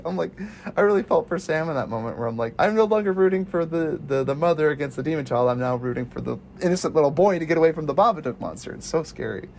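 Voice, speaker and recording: Man, podcast host, casual movie talk, acts out scenes, faint background hiss. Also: mid-range voice. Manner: animated, acts out scenes in voices. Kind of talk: casual movie review chat.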